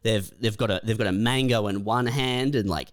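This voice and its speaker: A man co-hosting a comedy podcast, laid-back and halting, musing in mock-philosophical tones. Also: fairly low pitch. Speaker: podcast co-host. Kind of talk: casual comedic podcast chat.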